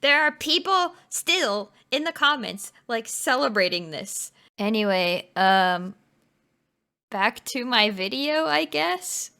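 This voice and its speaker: Woman commentary host, frank and casual, slightly high voice. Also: sing-song, slow, creaky, sharp tone. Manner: casual, blunt, swears and laughs often.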